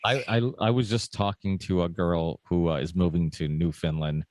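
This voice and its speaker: A man's voice: low voice, fairly even intonation, moderate pace, darkish tone, no room sound, studio quality. A man hosting a podcast, chatting easily and telling stories in a loose, conversational way. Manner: easygoing, chatty, quotes himself with "I'm like". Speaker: podcast host. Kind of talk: casual podcast chat.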